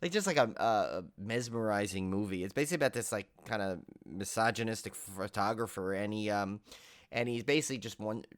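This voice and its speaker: A man co-hosting a horror podcast, rambling through a casual film review with halting restarts. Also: lowish voice, no room sound, studio quality. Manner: rambling, halting, heavy use of "like". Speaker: podcast co-host.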